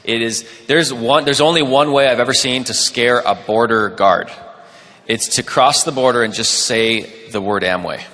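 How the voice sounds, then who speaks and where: A man's voice: mid-range voice, normal speed, pushed and bright. A man giving a talk to an audience, emphatic and prone to repeating words. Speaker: business speaker. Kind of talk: speech to an audience. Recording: long hall reverb.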